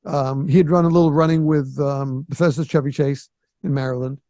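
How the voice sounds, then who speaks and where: An older man in his sixties hosts a casual podcast chat and tells stories with animation, slipping into other people's voices. His voice sits a bit high and has a mellow, warm tone. The sound is close and dry. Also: brisk, dry recording. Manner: animated storyteller who acts out quoted voices. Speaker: podcast host. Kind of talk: casual storytelling.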